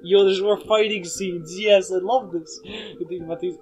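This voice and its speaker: A young man playing a visual novel, reading it aloud and blurting excitable, profane reactions. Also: sits high, moderate pace, muffled recording. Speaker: gamer.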